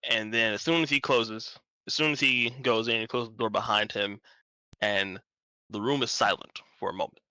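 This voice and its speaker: Bright, dry-voiced male game master. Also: fairly low pitch, moderate pace, dry recording, low-quality recording. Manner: rambling, casual, self-correcting. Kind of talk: narrating a tabletop game stream.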